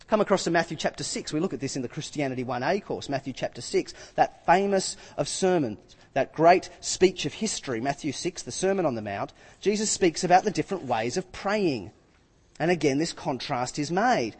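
A man preaching a sermon, retelling scripture with lively acted-out quotes. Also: fairly high pitch, husky, long reverb tail.

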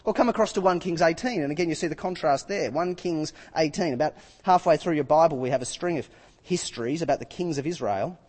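Male preacher, sermon, high pitch, echoey hall. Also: fast. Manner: animated, retells scripture with acted quotes.

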